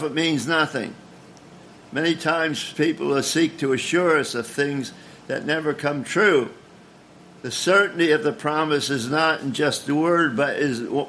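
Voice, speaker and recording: A man's voice: fairly high pitch, fairly bright tone, a little hiss or hum. A man preaching a sermon in an earnest, emphatic way, often stumbling and restarting words.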